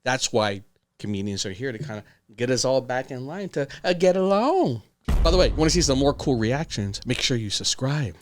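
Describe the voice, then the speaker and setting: A man's voice: mid-range voice, big pitch swings, moderate pace. A man hosting a reaction video, talking in a rambling, chatty way with many fillers. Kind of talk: casual reaction commentary.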